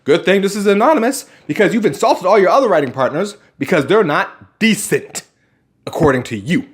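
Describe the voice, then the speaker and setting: A man's voice: high-pitched, animated, brisk. A man delivering an angry, profane, sarcastic rant on his vlog. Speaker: vlogger ranting about roleplay community.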